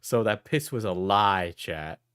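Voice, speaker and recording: A man's voice: on the low side, expressive, measured pace, fairly bright tone, clear, resonant tone, no echo, clean studio sound. A man streaming casually, laid-back and tired, laughing as he chats with his viewers.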